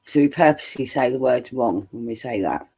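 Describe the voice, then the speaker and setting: A man's voice: mid-range voice, lively intonation, brisk, gravelly, a little mellow, husky. A man with a southern English accent in casual chat on a stream, jokey and laughing often. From southern England.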